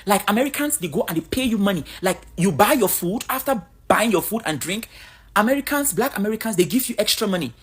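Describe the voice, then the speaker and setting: A woman's voice: mid-range voice, lively intonation, quick pace, a little hiss or hum. A woman from Cameroon, giving a blunt, outspoken vlog monologue. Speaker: vlogger.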